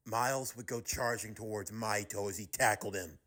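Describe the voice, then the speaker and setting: A man narrating a fan-made audio drama with steady storytelling. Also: fairly low pitch, a little fast, few pauses.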